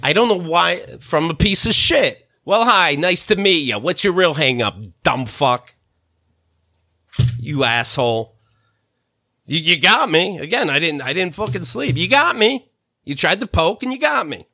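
Lively, bright-voiced man ranting profanely. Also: fairly high pitch, measured pace. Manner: exasperated, swearing, swinging between mutters and shouts. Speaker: podcast host. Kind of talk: profane comedic rant.

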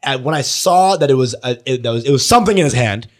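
Man, stand-up comic, casual podcast storytelling, animated, laughs often, swears, mid-pitched voice. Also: fast talker. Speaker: stand-up comedian telling stories.

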